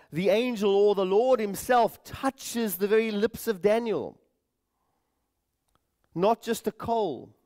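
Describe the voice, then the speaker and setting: A man's voice: sits high, darkish tone. A man preaching a sermon in a church, earnest, repeating words and addressing the congregation as friends. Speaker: pastor.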